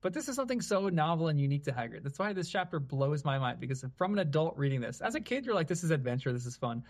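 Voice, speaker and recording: Guy guesting on a book podcast, kinda high voice, excited and chatty. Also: quick pace. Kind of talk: casual conversation.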